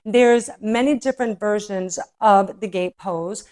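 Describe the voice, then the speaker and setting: A woman's voice: medium pitch, a little slow, darkish tone. A woman leading a guided yoga class, soothing and encouraging, a little out of breath as she demonstrates poses. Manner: soothing, encouraging, spiritual phrasing with frequent "right?". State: slightly out of breath. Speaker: yoga instructor.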